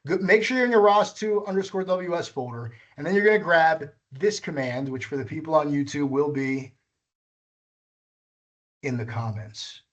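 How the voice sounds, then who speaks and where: A man's voice: fairly high pitch, moderate pace, dull audio. A man leading a live coding workshop, walking through each step patiently and correcting himself as he goes. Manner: patient, walks through steps, self-correcting. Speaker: workshop instructor.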